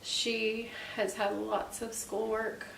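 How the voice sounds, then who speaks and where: A slightly high-voiced woman in her forties, with vocal fry, talks slowly and in a level tone while co-hosting a casual faith podcast. She spins warm, chatty stories peppered with ums. The audio has an echoey room, faint hiss, and a far-off mic.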